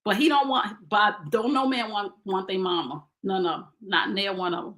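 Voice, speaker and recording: Woman, fifties, relationship advice live stream, blunt, preachy, talking straight to viewers, forceful tone. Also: mid-range voice, normal speed. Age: 50s. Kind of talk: casual live-stream talk.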